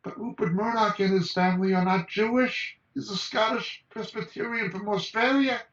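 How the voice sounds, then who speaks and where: A man speaks as a Bible teacher in an emphatic, high-pitched voice and reels off names in quick lists. He sounds far from the mic on a video call. The audio is dull and roomy. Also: fairly even intonation, a bit bright. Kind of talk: impassioned message over a video call.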